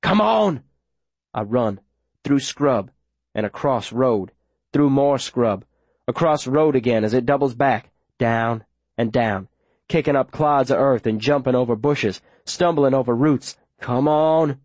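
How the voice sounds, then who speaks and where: A man narrates an audiobook in the first person, pressing the story forward with urgent, tense energy. His voice sits in an ordinary middle pitch for a man. The recording is dry and close, with no room sound around it. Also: a little slow, no room sound. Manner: urgent, tense storytelling with sudden shouted lines.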